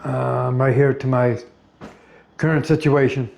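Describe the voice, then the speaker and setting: A middle-aged American man in a rambling personal monologue, blunt and profane, pausing often with fillers. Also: mid-range voice, little pitch movement, gravelly, a little mellow. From United States. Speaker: vlogger.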